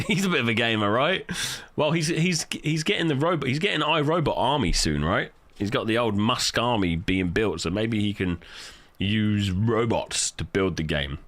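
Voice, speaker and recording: A man's voice: sing-song, moderate pace, a bit bright. A man hosting a livestream, ranting angrily and swearing heavily. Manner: angry, swearing heavily, voice jumping in pitch. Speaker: livestream host. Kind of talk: heated livestream rant.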